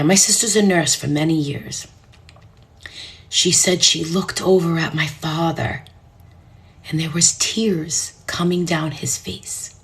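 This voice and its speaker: A middle-aged woman speaks to her live audience in a low, earnest voice. She tells a deeply emotional personal story with intensity. At moments she drops into a soft whisper. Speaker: numerologist hosting a live stream.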